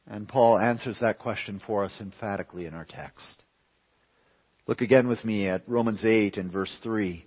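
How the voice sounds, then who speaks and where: A man preaches in a church, moving from raised, pressing lines to hushed ones. His voice sits mid-pitch for a man. The recording carries a long hall reverb and a dull, lo-fi sound. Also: normal speed, husky. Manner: emphatic preaching, swinging between raised and hushed. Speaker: pastor. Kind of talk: sermon.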